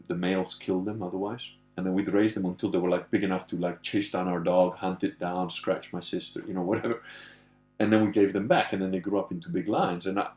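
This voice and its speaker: A man's voice: deep voice, darkish tone. A man chatting casually, telling rambling stories with swearing and acted-out voices. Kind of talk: casual chat. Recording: echoey room with music.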